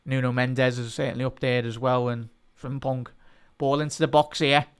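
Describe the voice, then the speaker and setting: A man hosting a live football watch-along, chatting to viewers and shouting out at goals. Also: medium pitch, level tone, moderate pace, clean tone. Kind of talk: live match reaction and chat.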